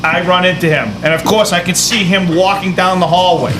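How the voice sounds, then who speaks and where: Profane storytelling man with a high voice. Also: fairly even intonation, a little fast, background noise. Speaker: podcast co-host. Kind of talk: casual sports chat.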